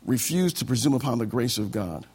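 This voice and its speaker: A man preaching a sermon as pastor, animated and acting out conversations. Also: medium pitch, brisk, slightly rough.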